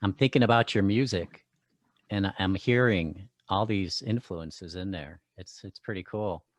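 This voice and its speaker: A man hosting a podcast interview, talking in a halting way with many fillers. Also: low voice, no room sound. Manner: halting, friendly, lots of fillers. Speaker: podcast host. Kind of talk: casual interview.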